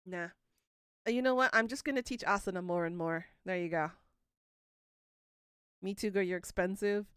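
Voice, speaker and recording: A woman's voice: on the low side, normal speed, pauses often, fairly bright tone, clear, resonant tone, no room sound, studio quality. A woman in her thirties hosting a livestream, chatting casually and teasing her viewers as she answers them. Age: 30s. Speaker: livestream host. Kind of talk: casual chat with live viewers.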